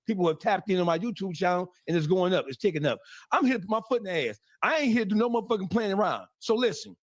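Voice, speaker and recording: A man's voice: high voice, animated, fast talker. A man in a played clip talking in a brash, swaggering, profane way about his channel and a city's history. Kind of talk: boastful podcast talk.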